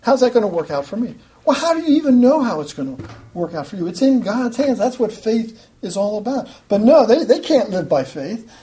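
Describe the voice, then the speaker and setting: A woman's voice: on the high side, sing-song, moderate pace, dark tone. A woman teaching from the Bible in a conversational sermon, acting out quoted voices as she goes.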